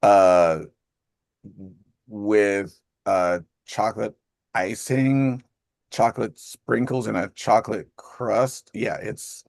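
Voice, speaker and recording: A man's voice: on the low side, fairly even intonation, slow, vocal fry, darkish tone, no echo, clean studio sound. A man in his fifties hosting a group call, chatting casually in a rambling way and laughing often. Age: 50s. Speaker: host of an accountability call.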